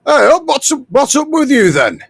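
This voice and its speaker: A man's voice: mid-range voice, sing-song, unhurried, no room sound, studio quality, pitched above the performer's own voice. A man voicing a blunt soldier captain in plate mail, calling out brashly and swearing.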